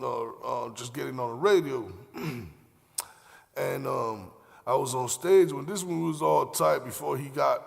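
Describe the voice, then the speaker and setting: This young man from Miami, Florida, with a creaky mid-range voice, hosts a podcast where he rambles through loose, profane stories full of fillers. It's casual storytelling, recorded with long hall reverb.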